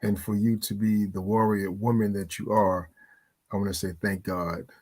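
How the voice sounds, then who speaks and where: A man as a podcast guest, earnest and measured, quoting scripture with frequent pauses and fillers. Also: lowish voice, level tone, darkish tone. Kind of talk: interview answer.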